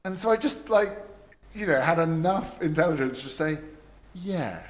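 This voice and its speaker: A man's voice: fairly high pitch, moderate pace. A man co-hosting a casual podcast chat, telling a story with lots of laughs and acted-out quotes. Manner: animated storyteller, laughs often, acts out quotes. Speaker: podcast co-host.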